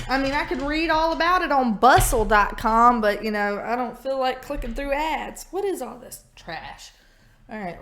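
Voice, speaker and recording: A woman's voice: fairly high pitch, a bit bright, a little hiss or hum. A woman doing a casual tarot reading vlog, irreverent and profane, laughing often. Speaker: tarot reader.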